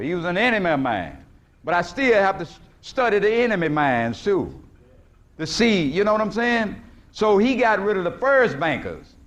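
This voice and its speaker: High-voiced man lecturing with a preacher's call-and-response. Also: fairly bright tone. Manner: preacherly, asks the audience questions and answers them himself; retells film scenes with quoted voices, stretching words for emphasis. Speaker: guest lecturer. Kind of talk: lecture to a live audience. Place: lecture hall at a conference.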